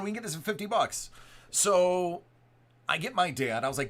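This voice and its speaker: A man's voice: on the high side, animated, a little fast, fairly bright tone. A man in his forties from the Buffalo area, chatting casually and telling a story, with rambling restarts and quotes he acts out. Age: 40s. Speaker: card break host.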